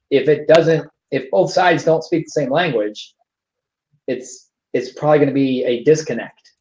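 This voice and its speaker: A man's voice: on the high side, warm tone. A real estate trainer speaking as a guest, earnestly and emphatically explaining his point on a video call. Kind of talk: casual chat. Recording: echoey, dull video call audio.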